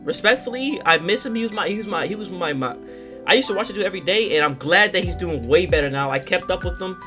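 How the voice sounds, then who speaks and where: A man hosting a reaction video, talking loose and slangy with excitable outbursts. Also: sits high, fast talker, music in the background. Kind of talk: casual reaction commentary.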